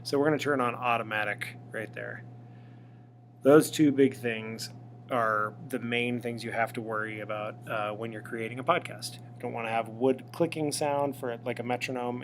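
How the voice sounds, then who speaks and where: A man giving a relaxed, step-by-step software tutorial, recorded on a tablet's built-in microphone. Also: mid-range voice, normal speed, a little hiss or hum. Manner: relaxed, step-by-step explaining with fillers. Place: indoors in front of a tablet. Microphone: iPad microphone.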